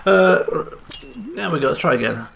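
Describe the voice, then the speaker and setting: A young man giving excitable let's play commentary, chattering and repeating phrases in bursts. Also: on the high side, normal speed, vocal fry, slight background noise. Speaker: gaming channel host.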